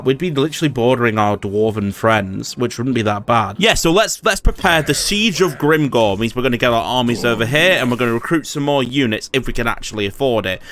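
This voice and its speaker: A man's voice: mid-range voice, a bit bright. A man giving casual, swearing commentary over his strategy game and talking back at the computer players. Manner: swears, talks to enemy AI lords in frustration. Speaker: gaming YouTuber.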